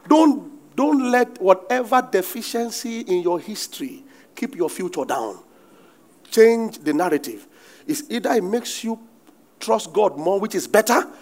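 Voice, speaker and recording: Animated Nigerian pastor preaching. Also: male voice, sits high. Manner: animated preaching with bursts of shouting and laughter. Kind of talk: sermon.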